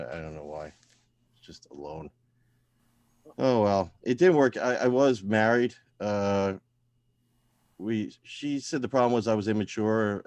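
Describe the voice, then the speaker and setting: A man doing a deadpan stand-up set over a video call from home, trailing off into quiet, self-deprecating mumbles. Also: on the low side, dry recording. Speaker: stand-up comedian at open mic.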